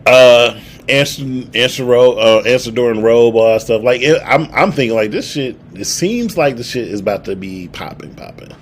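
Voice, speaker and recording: A man's voice: medium pitch, moderate pace, hardly any pauses, slight background noise. A young man, casually telling a story on a podcast and acting out the quotes. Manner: animated storyteller, acts out quotes. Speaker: podcast co-host.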